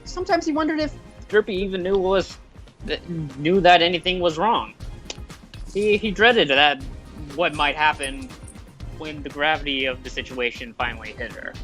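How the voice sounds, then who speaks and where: Lively-voiced player reading a post. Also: mid-range voice, moderate pace, faint music behind. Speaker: role-play player. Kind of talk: reading a written post aloud.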